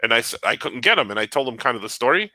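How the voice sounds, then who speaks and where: A man's voice: medium pitch, big pitch swings, very fast, bright, forceful tone, dry recording, low-quality recording. A man telling a long story in casual chat, acting out both sides of the conversation.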